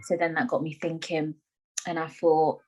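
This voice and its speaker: A woman's voice: low-pitched, flat delivery, normal speed, darkish tone, a little hiss or hum. Chatty woman hosting a podcast. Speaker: podcast host. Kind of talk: casual chat. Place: home bedroom studio.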